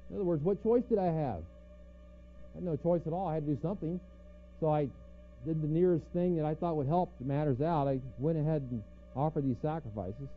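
A man's voice: fairly high pitch, a little fast. A man preaching a conversational sermon, teaching verse by verse and asking rhetorical questions. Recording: tinny phone-like sound with faint music.

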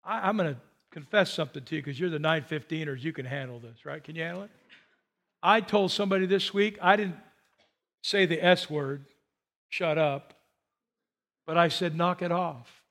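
Man, pastor, sermon, high-pitched, animated, loud emphasis, quiet asides. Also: moderate pace, long pauses.

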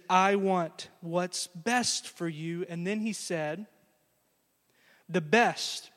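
A man preaching a sermon, telling a story earnestly and closing with a quiet blessing. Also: high voice, in a large hall. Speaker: pastor.

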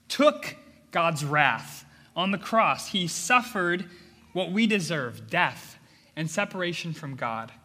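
A man's voice: high-pitched, pushed and bright. A man preaching a sermon as pastor, earnest and emphatic, often repeating phrases for stress. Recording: long hall reverb.

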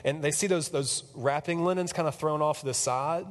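A man telling a story in a casual sermon, chatty and animated, with lots of fillers. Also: a little high, fairly quick, in a large hall.

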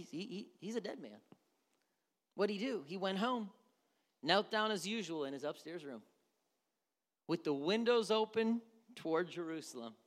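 A male pastor preaching a sermon, swinging from loud urgent passages to hushed near-whispers and acting out quoted prayers. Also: sits high. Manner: acts out quoted prayers and everyday voices.

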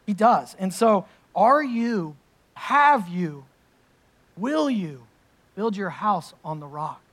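A man's voice: sits high, lively intonation, slow pace, fairly bright tone. A man preaching a sermon, reading scripture and then explaining it in an emphatic, conversational way with casual asides. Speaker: pastor.

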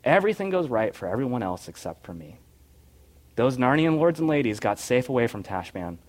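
A man's voice: medium pitch, lightly acted. A man reading aloud and voicing a frightened, lonely young boy who whines and pleads. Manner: whiny, pleading, panicky.

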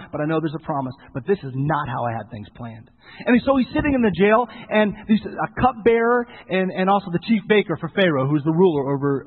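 A man preaching a sermon, retelling a Bible story with lively storytelling and acted-out lines for the characters. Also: high voice, husky, in a large hall. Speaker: pastor. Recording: tinny phone-like sound.

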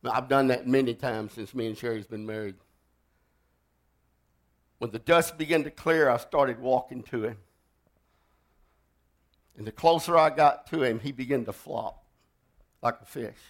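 Older preacher telling a war story. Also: male voice, mid-range voice, unhurried, long pauses. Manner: dramatic storytelling, swings from loud outbursts to hushed.

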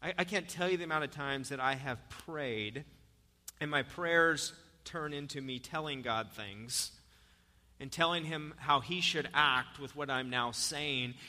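A male pastor preaching a sermon, telling the story with lively animation and then easing into soft, earnest urging. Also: medium pitch, a little slow. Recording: long reverb of a church hall.

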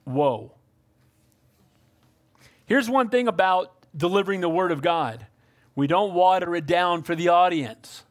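A high-voiced male preacher delivers an emphatic sermon, reading scripture aloud. He keeps asking the congregation for amens, swinging between hushed and ringing passages. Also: lively intonation, a little slow, pauses often. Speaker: pastor.

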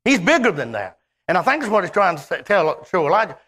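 A man preaching a sermon, animated and conversational, voicing God in quoted speech. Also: high-pitched, quick pace.

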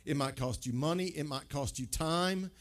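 A preacher delivers a sermon in a conversational, emphatic way, tossing rhetorical questions at his listeners. His voice sits a little high for a man. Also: moderate pace. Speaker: pastor.

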